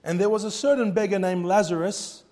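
Male preacher, high-pitched, fervent sermon delivery, hushed-to-loud swings. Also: brisk. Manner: reads scripture in old-fashioned wording.

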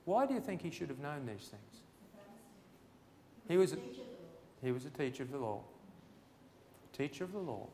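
A man's voice: a little high, expressive, normal speed, long pauses, slight background noise. Fervent male preacher in a reverberant hall. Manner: fervent, builds to loud emphatic passages. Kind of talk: sermon with scripture reading. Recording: long reverb in a large hall.

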